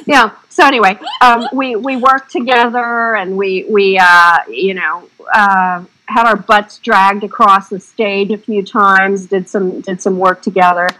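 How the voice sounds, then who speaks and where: A woman's voice: mid-range voice, fairly even intonation, a little slow, few pauses, pushed and bright, low-quality recording. A woman film director in a casual interview, talking in a chatty, rambling way with frank, salty remarks.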